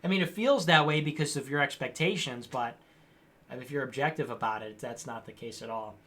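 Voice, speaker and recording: A man's voice: medium pitch, a little fast, a bit bright. A man hosting a livestream, reading viewer comments aloud and answering them in a sarcastic, mocking way. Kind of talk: casual political commentary.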